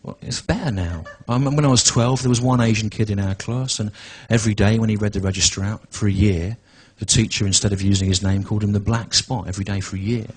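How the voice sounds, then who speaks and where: Halting deadpan comedian in his forties. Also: fairly low pitch, breathy edge, rough recording. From England. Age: 40s. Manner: deadpan, halting, full of restarts and asides. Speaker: stand-up comedian. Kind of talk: stand-up comedy routine. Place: comedy venue with a live audience.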